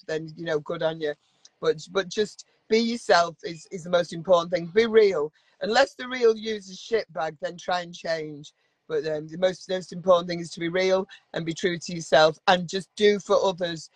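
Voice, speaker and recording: A woman's voice: on the low side, no room sound. A middle-aged woman from Manchester with a Mancunian accent, chatting as an interview guest in a blunt way, with dry humour and plenty of swearing. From Manchester, England. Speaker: guest singer. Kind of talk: casual interview chat.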